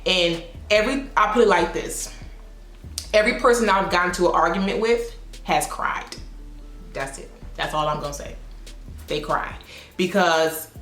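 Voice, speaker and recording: A woman's voice: lowish voice, a bit bright. Sassy, blunt woman hairstylist telling a story. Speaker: hair stylist. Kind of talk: casual storytime vlog. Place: her home. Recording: echoey room with faint music.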